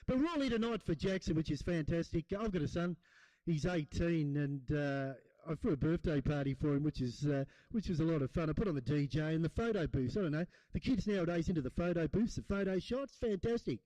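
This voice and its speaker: Aussie bloke doing stand-up, kinda high voice, rambly banter. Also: male voice, fairly quick, warm tone, dry recording, low-quality recording. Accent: Australian. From Australia. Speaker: stand-up comedian. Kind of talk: stand-up comedy set. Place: comedy gig in a hall.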